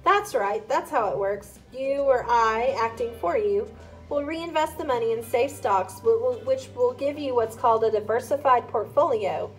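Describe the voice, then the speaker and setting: A woman's voice: a little high, normal speed, soft background music, close to an everyday voice. A woman reading the part of an adult man who patiently explains investments and apologizes. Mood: explaining.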